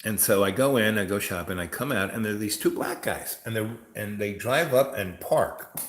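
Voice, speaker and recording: Man, low voice, rambling monologue, storytelling, roomy echo. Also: normal speed. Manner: chatty, storytelling, mimics others in raised voice. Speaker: host.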